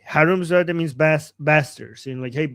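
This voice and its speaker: A man's voice: a little high, a little fast, dry recording. A man from Iran co-hosting a live stream, casually translating a protest clip with lots of fillers and amused asides.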